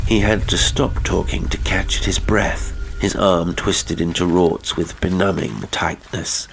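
A man reading a classic horror story aloud as an audiobook narrator, in measured, dramatic storytelling. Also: low voice, fairly even intonation, vocal fry, background noise.

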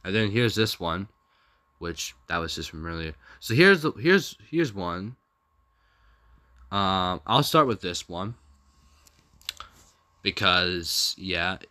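Rambling young man, bright voice. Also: deep voice, lively intonation, slow, pauses often. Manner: rambling and repetitive, with hesitant restarts. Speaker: vlogger. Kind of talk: casual commentary reading out text messages.

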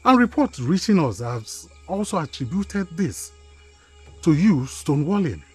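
A police official, officious, very husky voice. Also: male voice, fairly high pitch, sing-song, normal speed, a little mellow, soft background music, exaggerated voice. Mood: stern. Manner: formal, officious.

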